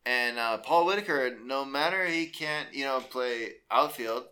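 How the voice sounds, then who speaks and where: A man's voice: medium pitch, measured pace, bright, forceful tone. A man and father co-hosting a casual sports podcast, laid-back and easily amused. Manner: laid-back, chuckling, loose fillers. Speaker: podcast co-host. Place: small room.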